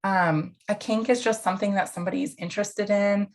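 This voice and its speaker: A woman's voice: medium pitch, fairly even intonation, fairly quick. A woman counselor educator giving an online lecture in a casual, conversational way, with fillers and asides.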